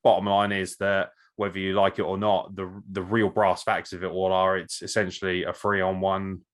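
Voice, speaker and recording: Male podcast co-host with a lowish voice who rants bluntly and swears freely. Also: level tone, normal speed. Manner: blunt, profane, opinionated ranting. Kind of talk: casual podcast chat.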